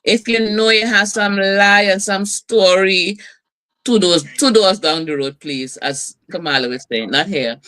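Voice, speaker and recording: A middle-aged woman host, telling stories and preaching in a lively community broadcast. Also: mid-range voice, a little slow. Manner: lively, preachy storytelling with laughs and asides.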